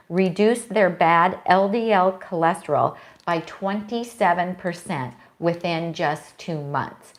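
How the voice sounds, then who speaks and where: A middle-aged woman co-hosting a casual live chat, chatty and reading aloud from a book with small stumbles. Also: fairly low pitch. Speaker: co-host.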